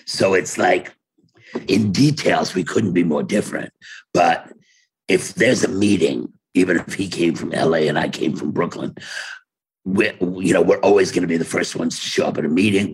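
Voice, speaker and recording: An older man speaking casually in an interview over a video call from his home office, telling wry stories and laughing often, with a very husky voice. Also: low voice, low-quality recording. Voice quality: very husky, gravelly voice. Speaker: interview guest, playwright.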